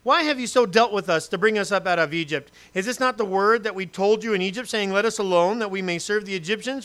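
A man preaching a sermon, reading scripture and acting out voices with humor and lively asides. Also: sits high, clean tone. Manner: animated, acts out quotes and asides with humor. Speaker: pastor.

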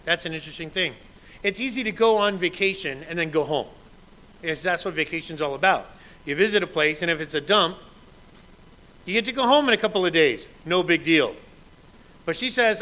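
A man's voice: fairly high pitch, lively intonation, a little fast, pushed and bright, low-quality recording. A man in his thirties, a pastor preaching a sermon in a conversational way, quoting scripture with emphasis.

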